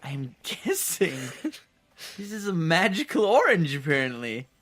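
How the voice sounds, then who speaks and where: A let's play co-host chatting casually while playing, animated and laughing often. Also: mid-range voice, unhurried, a crowd in the background. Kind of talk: casual gameplay chat.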